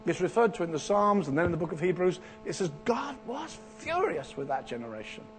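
A man preaching a sermon in a church, animated, acting out the voices of people in Bible stories. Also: sits high, brisk, faint music behind. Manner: animated, acts out Bible voices with rising intensity.

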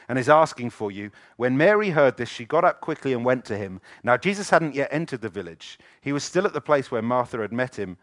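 Animated middle-aged preacher. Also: male voice, mid-range voice, dry recording, studio quality. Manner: animated preaching, acting out quoted voices. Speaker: pastor. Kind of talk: sermon. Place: church.

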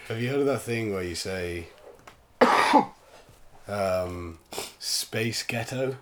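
Low-pitched man, dry low-key humor, casual podcast co-host. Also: lively intonation, slow pace, a crowd in the background. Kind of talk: casual chat.

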